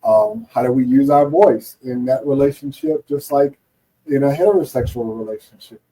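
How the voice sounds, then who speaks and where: A man's voice: mid-range voice, moderate pace, warm tone, slightly rough, distant mic, low-quality recording. A man with a Southern US accent, a therapist guest speaking in an interview, earnest and hesitant with many fillers. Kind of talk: casual interview chat.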